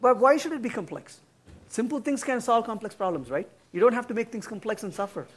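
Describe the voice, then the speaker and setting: In a conference room workshop, a middle-aged male tech speaker with a high, husky voice lectures fairly quickly and takes questions from the audience. He stays animated and emphatic, gives blunt, funny answers, and performs quoted lines in altered voices.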